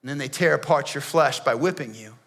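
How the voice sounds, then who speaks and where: A man's voice: mid-range voice, fairly quick, fairly bright tone, close to an everyday voice. A pastor, a man, performing as a defiant, streetwise male prisoner, telling his story in the first person with casual, slangy asides. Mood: confiding. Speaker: pastor performing a dramatic monologue. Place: church.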